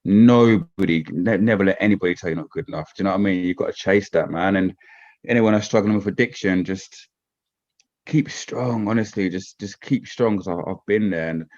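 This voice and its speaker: A man's voice: deep voice, a little fast, darkish tone, highs cut off. A man talking as a podcast guest in casual, rambling chat, often checking "do you know what I mean".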